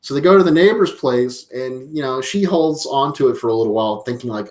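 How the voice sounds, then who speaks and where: A man's voice: medium pitch, brisk, hardly any pauses. A man co-hosting a podcast, retelling a film in a casual, profane way, acting out lines and laughing often. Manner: animated, profane storytelling with acted-out quotes and laughs. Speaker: podcast co-host. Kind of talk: casual movie review chat.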